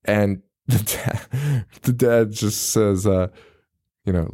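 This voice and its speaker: A man's voice: mid-range voice, a little slow, a little mellow. A man casually recapping a movie on a podcast, joking, swearing and laughing often as he acts out lines. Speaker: podcast co-host.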